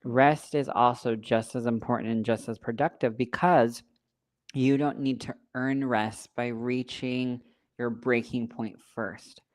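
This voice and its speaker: Woman co-host, very low pitch; frank, reassuring, sassy advice-giver in casual chat. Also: steady tone, measured pace. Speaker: podcast co-host.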